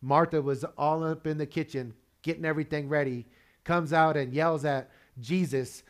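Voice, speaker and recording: Here a pastor with a slightly high voice keeps a steady tone at a moderate pace. His sermon feels relaxed and chatty, with questions to the congregation and little laughs between ideas.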